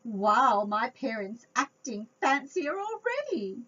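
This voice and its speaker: A woman reads a picture book to small children in a slow, lively voice that leaps up and down. Her tone is soft and breathy and sits a little high. The recording is dull and lo-fi. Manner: animated and expressive, talking to young listeners. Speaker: children's storytime reader.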